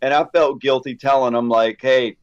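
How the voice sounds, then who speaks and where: A man co-hosting a casual podcast chat, telling stories and acting out the quoted dialogue with lively energy. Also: mid-range voice, normal speed, dull audio. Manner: animated storyteller, acts out quoted dialogue. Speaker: podcast co-host.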